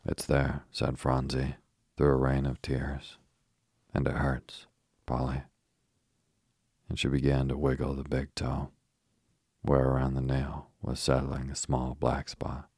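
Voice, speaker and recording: A man with an extremely deep, husky voice reads a bedtime story slowly and softly. His delivery stays almost level, with very little rise or fall in pitch. The recording is close and dry. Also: dry recording. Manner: slow, soft and steady, for falling asleep. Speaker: narrator.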